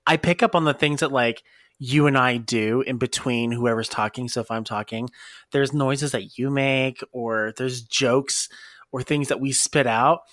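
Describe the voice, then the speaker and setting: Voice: medium pitch, a bit bright, dry recording. Giggly rambling podcast co-host, dry mic. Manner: rambling, giggly, lots of fillers. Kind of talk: casual podcast chat.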